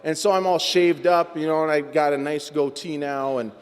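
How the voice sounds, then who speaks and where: A man with a fairly high voice tells his recovery story to a meeting, in an animated, self-mocking way. His voice rings with long reverb through a large meeting hall. He talks from a podium mic. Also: moderate pace, clean tone.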